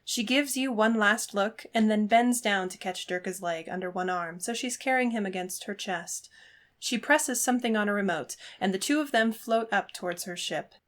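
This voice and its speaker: A woman reading a fan fiction story aloud as narrator, steady and expressive. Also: medium pitch, normal speed.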